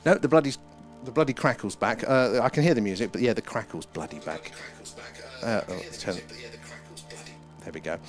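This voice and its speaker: A British man with a fairly low voice hosts a casual live stream at a moderate pace, pausing often. He chats, greets viewers by name, and swears mildly, with faint ambient music in the background.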